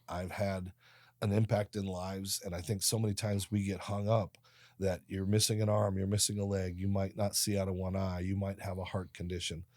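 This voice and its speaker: A man in his late fifties, a podcast guest who tells his life stories in an animated way and acts out the people in them. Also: low-pitched, dry recording, clean studio sound. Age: 50s. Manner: animated storyteller, voices other people in his anecdotes. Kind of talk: storytelling interview.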